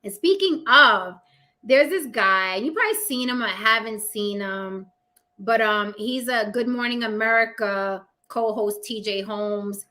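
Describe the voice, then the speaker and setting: Sassy, blunt host with a New York accent; bright, fairly high woman's voice, casual and profane. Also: measured pace. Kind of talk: casual livestream chat.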